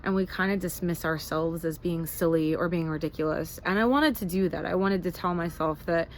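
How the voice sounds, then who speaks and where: A woman's voice: fairly low pitch, brisk, slight background noise. A woman in her thirties talking candidly in a casual personal vlog, rambling with fillers and restarts. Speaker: vlogger.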